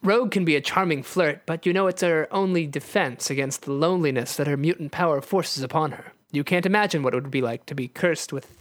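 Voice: medium pitch, brisk, hardly any pauses, no echo. A podcast host reading a kids' adventure book aloud for laughs, wry and often laughing. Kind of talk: casual comedy podcast chat.

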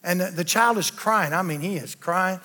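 A man preaching a sermon, telling folksy stories and building to loud, emphatic declarations. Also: high voice, moderate pace. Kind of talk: sermon with storytelling.

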